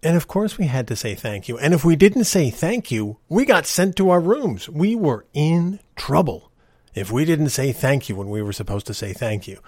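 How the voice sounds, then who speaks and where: A man's voice: fairly high pitch, very animated, moderate pace, darkish tone, breathy edge, dry recording. A middle-aged man hosting a podcast, talking casually in an earnest, ranting way, on a close podcast mic. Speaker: podcast host. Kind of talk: casual monologue.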